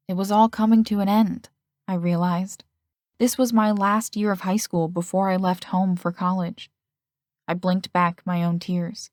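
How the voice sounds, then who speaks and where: Woman narrating an audiobook, low and dry. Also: steady tone, moderate pace, darkish tone, dry recording. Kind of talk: first-person audiobook narration.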